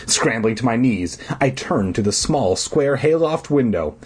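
A man's voice: medium pitch, animated, measured pace, breathy edge. A man reading a horror book aloud for laughs, breaking off into snarky, profane asides. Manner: snarky asides, swearing, mock drama. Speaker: comedic reader.

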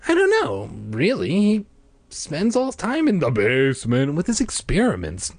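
Guy doing a worried little girl voice, high and pleading, dry close mic. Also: wildly swooping pitch, moderate pace, darkish tone, no echo. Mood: uneasy. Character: girl who is nervous and wistful.

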